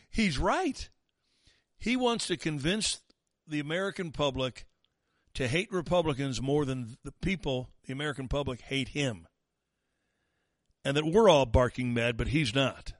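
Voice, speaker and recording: A man's voice: medium pitch, animated, measured pace, no echo, studio quality. A man hosting a talk show, giving sarcastic, mocking political commentary. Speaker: talk radio host.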